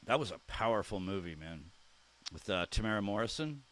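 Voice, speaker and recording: Guy with a lowish voice chatting to his stream chat, reacting to messages, trying out slang words. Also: expressive, a little fast, a bit bright. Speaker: streamer reading live chat. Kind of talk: casual live-stream chat.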